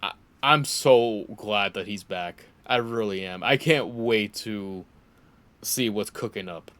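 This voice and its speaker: A man streaming a video game, chatting casually and reacting excitably, swearing when surprised. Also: fairly low pitch, slow pace. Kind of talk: casual gameplay commentary.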